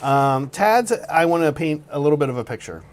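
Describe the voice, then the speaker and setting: A man co-hosting a casual hobby chat, laughing often and restarting sentences, who reads out a mock-dramatic roast story at a slow, suspenseful pace. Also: fairly high pitch, lively intonation. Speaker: co-host.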